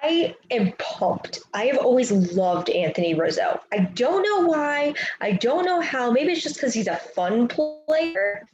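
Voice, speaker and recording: Brief: expressive female co-host, fairly high voice, echoey room with faint hiss. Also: a little slow, hardly any pauses, muffled recording. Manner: emotional, storytelling, laughs easily. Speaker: podcast co-host. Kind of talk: casual sports chat.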